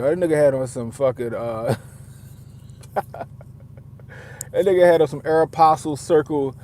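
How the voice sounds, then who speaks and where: A man's voice: a little high, fairly quick, dark tone, slight background noise. A man giving a casual, profane commentary, rambling and often repeating himself as he restarts his thoughts. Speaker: father.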